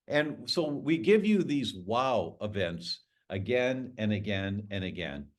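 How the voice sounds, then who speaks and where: Middle aged guy on a podcast, animated, pitch all over the place. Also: slow. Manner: animated, emphatic storyteller. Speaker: guest doctor. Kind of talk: podcast interview.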